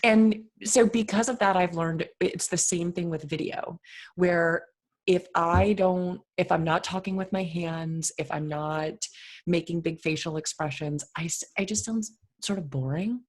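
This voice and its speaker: A woman co-hosting a podcast, with a deep, soothing voice and an animated, expressive way of talking full of fillers. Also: unhurried. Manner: animated and expressive, filler-heavy, laughs often. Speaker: podcast co-host. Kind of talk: casual conversational interview.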